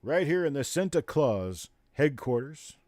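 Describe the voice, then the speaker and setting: A male auctioneer hosting a live online coin sale. He rattles off repeated bid calls and chats jokingly in a mid-pitched voice. The sound is close and dry. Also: big pitch swings, a little mellow, no echo. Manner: rapid, repetitive bid calling mixed with joking chat. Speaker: auctioneer and show host.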